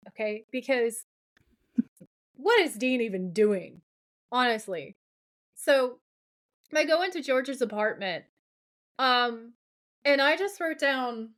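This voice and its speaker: A woman co-hosting a podcast, recapping a TV episode in casual chat with lively asides and laughs. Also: fairly high pitch. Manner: animated retelling, quick asides and laughs. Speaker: podcast co-host.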